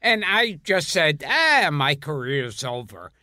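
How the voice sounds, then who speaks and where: A man co-hosting a podcast and chatting with a guest in a slow, deadpan comic way. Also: a little high, dry recording, studio quality. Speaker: podcast co-host. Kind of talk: casual interview chat.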